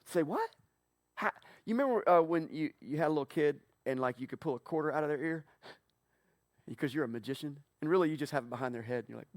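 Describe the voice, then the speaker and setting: A man preaching a sermon as pastor, telling the story with animated swings from hushed to loud. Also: on the high side, quick pace, no echo, studio quality.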